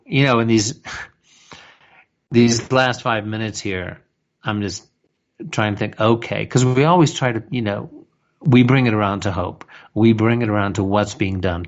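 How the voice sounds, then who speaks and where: A man co-hosting a talk radio show, talking casually and rambling. His voice sits on the low side. It comes through dull, lo-fi radio audio. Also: steady tone, a little slow. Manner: rambling, full of "you know" and restarts.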